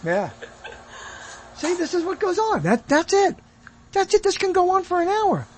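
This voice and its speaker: A man's voice: extremely high pitch, huge pitch swings, moderate pace, a little hiss or hum. A man giving bemused, off-the-cuff commentary as he browses live streams and reads the comments aloud.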